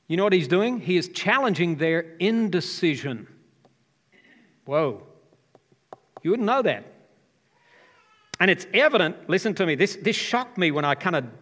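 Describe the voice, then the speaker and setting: A male pastor in his fifties delivers a lively sermon, bantering with his congregation between bold points. His voice sits a little high for a man. It rings through a hall with a long reverb tail. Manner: animated, joking with the congregation. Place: church hall.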